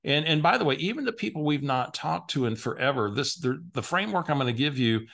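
A man from San Antonio, Texas, giving an energetic, conversational coaching lesson to real estate agents and telling stories along the way. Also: fairly high pitch, fast, gravelly.

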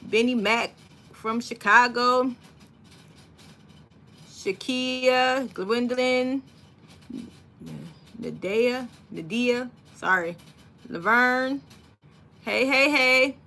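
A woman's voice: on the high side, drawn-out words, long pauses, bright, forceful tone, slight background noise. A woman hosting a casual craft livestream from home, chatty and greeting viewers one by one by name. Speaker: livestream host.

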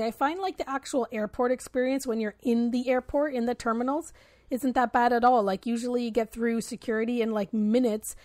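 A woman's voice: a little high, a little mellow, dry recording. A woman co-hosting a podcast in casual chat, easygoing and rambling with many fillers. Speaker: podcast co-host.

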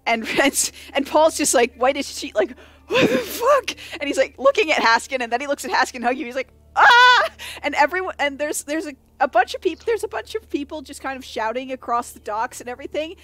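A woman acts as game master for a tabletop group, spinning a chaotic scene for her players. Her voice sits high and sounds dry and close. She keeps breaking into laughs and tripping over her words as she narrates. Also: fast talker, few pauses, no room sound. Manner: laughs often while narrating, animated with many restarts.

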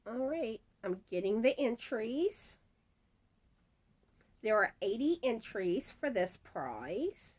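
A woman's voice: on the high side, very animated, slow pace, a little mellow. A woman hosting a crafting channel, chatting casually as she reads out giveaway winners and their comments. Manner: chatty, reads comments aloud, stumbles over names. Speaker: crochet channel host announcing giveaway winners. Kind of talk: casual chat.

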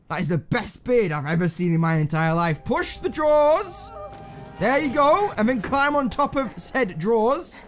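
A man's voice: sits high, fairly bright tone. A young man commentating on a puzzle game, talking to himself and the characters, swearing and mocking himself. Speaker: gameplay commentator. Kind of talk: casual let's-play commentary.

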